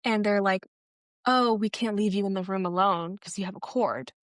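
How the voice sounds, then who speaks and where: A young woman co-hosting a podcast tells a long story in casual chat, acting out the people she quotes. She's animated, jumping in pitch for each quoted voice, and talks at a normal speed. The recording is dry and studio quality.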